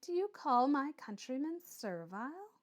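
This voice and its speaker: A woman reading an audiobook and voicing a proud, earnest young woman who speaks softly and with quiet fervour. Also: sits high, very animated, a little slow. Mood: indignant.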